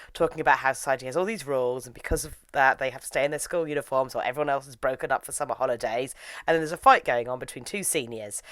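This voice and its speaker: A woman's voice: rumbling low, fairly bright tone, no room sound. A woman, casually retelling an anime episode in a chatty review, with lots of "like" as filler.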